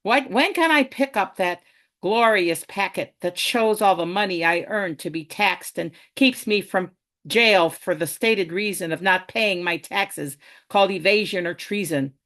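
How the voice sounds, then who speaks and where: A woman's voice: medium pitch, a little slow, a bit bright. A woman poet reading a wry, ranting rhymed poem over a video call. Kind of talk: rhyming poetry reading.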